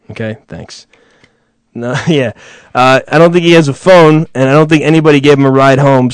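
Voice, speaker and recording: A man's voice: medium pitch, no room sound, studio quality. A man hosting a show, telling a rambling, profane story with frequent chuckles. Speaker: show host. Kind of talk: casual rambling monologue.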